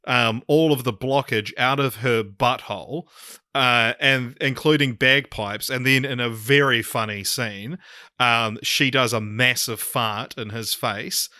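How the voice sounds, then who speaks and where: A man's voice: medium pitch, steady tone, unhurried, bright, forceful tone, no room sound, clean studio sound. A man co-hosting a casual film review podcast, rambling with lots of fillers and laughing at his own points. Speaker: podcast co-host.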